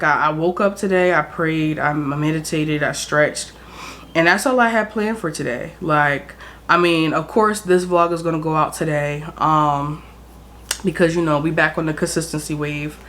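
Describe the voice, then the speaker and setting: A woman's voice: fairly low pitch, a bit bright. A woman in her twenties from South Jersey, chatting casually and candidly to her vlog camera. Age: 20s. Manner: candid, frank, swears freely. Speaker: vlogger.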